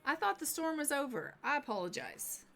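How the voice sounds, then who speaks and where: A woman's voice: sits high, big pitch swings, a little fast, creaky, a bit bright, slight background noise, voice pushed up, full character voice. A woman voicing her irritable, heavily pregnant young game character in a grumbling, put-upon tone. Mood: grumpy.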